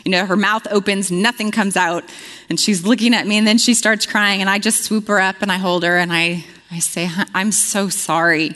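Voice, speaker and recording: A woman's voice: medium pitch, steady tone, brisk, a bit bright, long reverb tail. A woman preaching a conversational sermon, earnest and storytelling, with frequent fillers.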